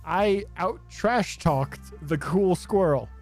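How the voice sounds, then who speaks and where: A man's voice: sits high, takes it slowly, a little mellow, soft background music. A man streaming a game, giving casual, joking and self-mocking commentary. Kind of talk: casual commentary over gameplay.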